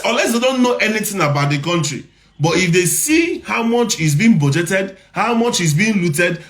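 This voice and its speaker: A man's voice: high-pitched, fairly bright tone. A man with a Nigerian accent giving impassioned commentary, repeating his points and firing rhetorical questions. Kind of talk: impassioned social media commentary.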